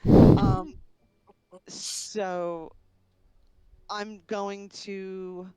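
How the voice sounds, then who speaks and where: A man with a high, mellow voice talks slowly as a player, thinking aloud and trailing off. His tone is smooth and clear. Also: level tone, no echo, poor audio. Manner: slow, searching, trailing off. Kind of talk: casual tabletop game talk.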